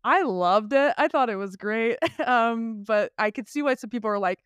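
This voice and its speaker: A man's voice: extremely high pitch, normal speed, fairly bright tone, clear, resonant tone, dry recording, clean studio sound. A man co-hosting a film podcast, chatting casually and animatedly with lots of restarts and the odd swear. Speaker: podcast co-host.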